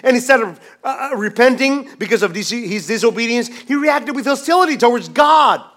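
A man preaching a sermon as pastor, swinging from hushed, quiet lines to loud, emphatic ones, with many restarts. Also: extremely high pitch, expressive, a little fast.

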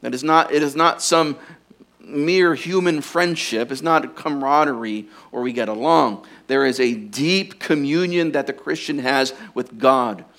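A man preaching a sermon, earnest and urging, often dropping to a quiet intensity to press his points. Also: medium pitch, a little slow. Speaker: pastor.

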